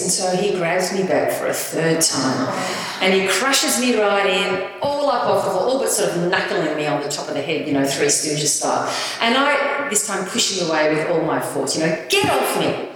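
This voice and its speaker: Low-voiced woman telling a story on stage. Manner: animated anecdotal storytelling with laughs. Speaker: author and guest speaker. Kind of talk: live stage conversation, storytelling. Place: live event venue. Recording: echoey hall from far off.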